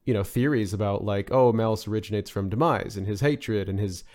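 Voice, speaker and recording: A man's voice: fairly low pitch, brisk, darkish tone. Man musing, lots of fillers. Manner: rambling, many fillers and restarts. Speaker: podcast guest. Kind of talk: casual podcast discussion.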